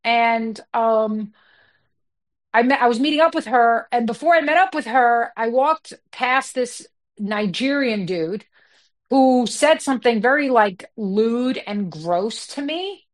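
A woman with a slightly high voice speaks bluntly and candidly, racing through her story with plenty of "you know" and "like". She is a comedian talking as a guest in a relaxed, unscripted conversation. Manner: blunt and fast-flowing, with many fillers.

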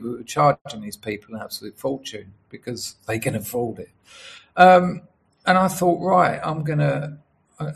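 Middle-aged man, gravelly voice, rambling casual storyteller who acts out the dialogue he quotes. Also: mid-range voice. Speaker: writer and storyteller. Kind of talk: casual monologue.

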